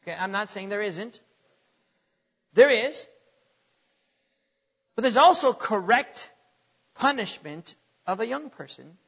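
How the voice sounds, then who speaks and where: A man's voice: high voice, expressive, slow pace, gravelly, pauses often, a bit bright, husky. A middle-aged man preaching a sermon with emphatic, dramatic swings in volume and pace, recorded with dull lo-fi sound and a long hall reverb.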